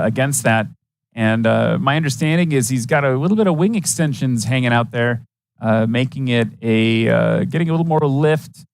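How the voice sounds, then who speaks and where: Chatty man calling a live air event. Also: medium pitch. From Wisconsin. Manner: chatty, enthusiastic, folksy asides. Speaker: event commentator. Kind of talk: live play-by-play commentary.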